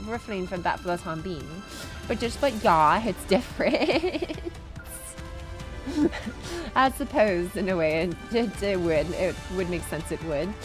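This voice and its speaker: A woman's voice: mid-range voice, close to an everyday voice. A woman streamer speaking in a put-on British accent, using formal, stilted phrasing during a game livestream. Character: exaggerated prim British version of the streamer herself.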